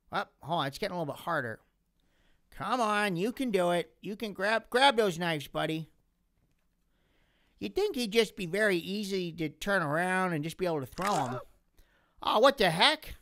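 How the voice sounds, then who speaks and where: A man's voice: high voice, bright, forceful tone, dry recording, exaggerated voice. A man doing Grandpa Lemon, a rambling old lemon. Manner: rambling, exclaiming at the game. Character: elderly male lemon, rambling and chatty. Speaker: game commentator. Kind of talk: let's play commentary.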